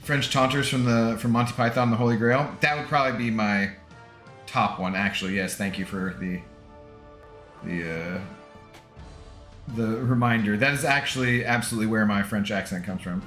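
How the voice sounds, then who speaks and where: A man's voice: on the low side, steady tone, moderate pace, fairly bright tone. An American man streaming a game, casually chatting with his audience, laughing often and rambling with self-deprecating asides. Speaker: gaming livestreamer. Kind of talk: casual chat with stream chat while gaming. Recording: echoey room with faint music.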